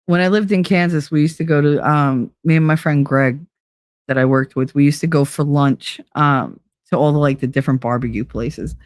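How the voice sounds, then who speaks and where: A middle-aged woman hosts a casual livestream, reading and answering chat with energetic, animated stories, swearing freely and laughing often. Her voice is low and her pace moderate. The sound is studio quality with no room sound.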